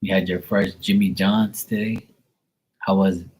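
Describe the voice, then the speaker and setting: A man's voice: deep voice, level tone, moderate pace, darkish tone, husky, rough recording. A man hosting a casual livestream tarot reading, joking and swearing as he reads the chat aloud. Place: Bermuda.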